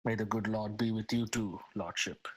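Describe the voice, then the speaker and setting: A man's voice: fairly low pitch, fairly even intonation, moderate pace, a crowd in the background, close to an everyday voice. A man voicing a pious traveler who speaks in formal blessings. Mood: solemn. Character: pious, solemn wandering holy man.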